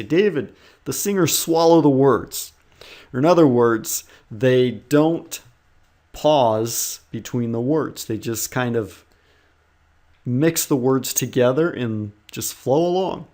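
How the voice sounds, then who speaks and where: Earnest male English teacher coaching learners. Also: medium pitch. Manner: earnest and encouraging, explains step by step. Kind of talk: instructional talk to learners.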